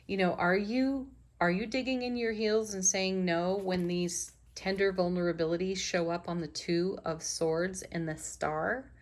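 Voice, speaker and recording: A woman's voice: on the low side, fairly even intonation, a little slow, few pauses. A middle-aged woman giving an enthusiastic, affirming spiritual tarot reading. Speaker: tarot reader.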